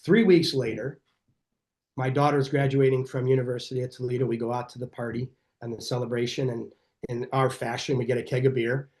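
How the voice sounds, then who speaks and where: Middle-aged male chiropractor, podcast guest, mid-range voice, lively storyteller who plays out the dialogue. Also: medium pitch, fairly quick. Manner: energetic, animated storyteller who acts out quoted dialogue.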